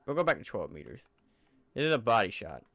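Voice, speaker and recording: A man's voice: fairly low pitch, very animated, fast, fairly bright tone, no echo. A man giving casual, enthusiastic commentary over gameplay footage in a loose, conversational way. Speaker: gaming channel creator.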